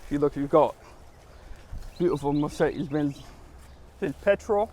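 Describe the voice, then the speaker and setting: Guy doing a fake posh car seller, dead straight face, a bit high. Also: normal speed, lightly acted. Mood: deadpan boastful. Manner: deadpan prank, bragging with straight face. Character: mock British male car seller, boastful, touchy.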